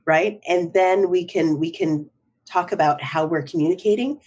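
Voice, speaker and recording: A woman's voice: lowish voice, normal speed, darkish tone, muffled recording. A middle-aged woman, a psychotherapist, talking in a podcast interview in a reflective way, often checking in with "right?". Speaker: psychotherapist guest.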